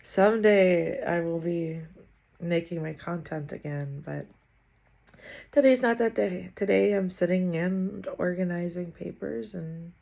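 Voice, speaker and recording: A woman vlogger giving a rambling, halting update in one unedited take, tired and muttering. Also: on the low side, creaky, dark tone. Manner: rambling, halting, self-deprecating.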